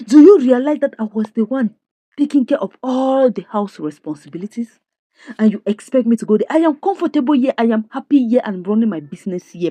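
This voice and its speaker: A woman who recaps a drama series in an expressive, indignant way, full of rhetorical questions. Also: a little high, fairly quick, no echo. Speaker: series reviewer. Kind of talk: animated story recap.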